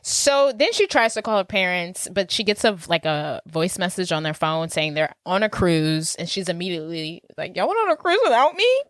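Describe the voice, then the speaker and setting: A woman's voice: on the low side, normal speed, few pauses, no echo. A woman in her thirties co-hosting a podcast, retelling a film's plot with playful commentary. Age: 30s. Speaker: podcast co-host. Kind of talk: casual chat retelling a film.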